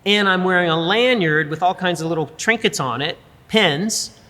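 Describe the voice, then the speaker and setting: A middle-aged American woman speaking as an interview guest, emphatic and animated, drawling "y'all" and checking in with "right?". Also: on the low side, normal speed. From United States. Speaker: guest, business school dean. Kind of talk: candid conversational interview. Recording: reverberant room.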